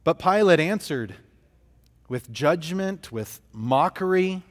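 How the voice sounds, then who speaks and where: A man's voice: on the high side, animated, slow. A man preaching an expository sermon as pastor, earnest, often restarting his phrases as he thinks aloud. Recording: long hall reverb.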